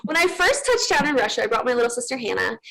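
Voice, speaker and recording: A woman's voice: a little high, sing-song, quick pace, vocal fry, bright, forceful tone, low-quality recording. A woman in her twenties, a guest on a TV interview, telling a personal story in an earnest, rambling way with many fillers.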